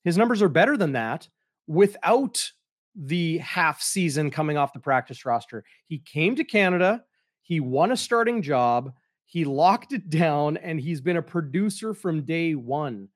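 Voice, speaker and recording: Steady, measured man breaking down stats. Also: a little high, no echo, studio quality. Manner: measured, steady, fills with "uh" and "you know". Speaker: podcast co-host, analyst. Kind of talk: casual sports analysis.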